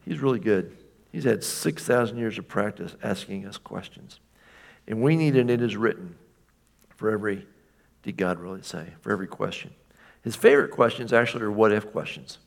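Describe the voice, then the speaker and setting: A man's voice: fairly low pitch, normal speed, creaky. A man preaching a sermon in a conversational tone, often checking in with the congregation and sometimes mimicking voices. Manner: mimics a taunting voice for quoted questions. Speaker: pastor.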